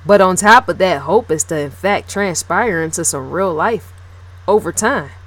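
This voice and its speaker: Woman, lowish voice, blunt to-camera commentary, emphatic, repetitive, swears. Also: expressive, normal speed. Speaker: video blogger. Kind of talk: casual opinionated commentary to camera.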